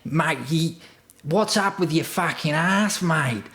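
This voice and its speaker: A man voicing a crude, foul-mouthed woman who swears bluntly and calls everyone mate, pitched well above his usual voice in a roomy home room. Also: slow, a bit bright. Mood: crude, brusque.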